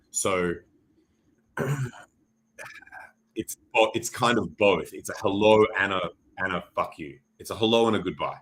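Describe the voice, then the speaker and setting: A man's voice: on the low side, a little slow, a bit bright, low-quality recording. Profane Australian man rambling over charts. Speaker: crypto livestream host. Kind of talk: casual livestream chart commentary.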